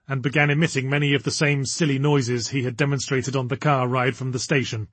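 A man reading a story aloud in measured, wry narration. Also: medium pitch, a bit bright, husky, no echo. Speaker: audiobook narrator. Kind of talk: scripted narration.

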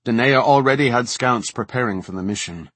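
A man reading a fantasy novel aloud as an audiobook narrator, in a measured, even storytelling manner. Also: medium pitch, no echo.

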